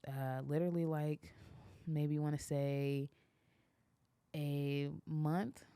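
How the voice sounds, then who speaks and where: Low-voiced young woman telling lively stories. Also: takes it slowly, clear, resonant tone, no echo. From Kansas, US. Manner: animated storyteller, laughs often, acts out quotes. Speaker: photographer and business owner, guest. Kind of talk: casual podcast conversation.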